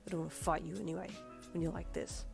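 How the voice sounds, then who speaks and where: A woman's voice: deep voice, steady tone, quick pace, vocal fry, soft background music. A woman voicing a brash, aggressive teenage boy fighter who growls and barks commands. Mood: gruff.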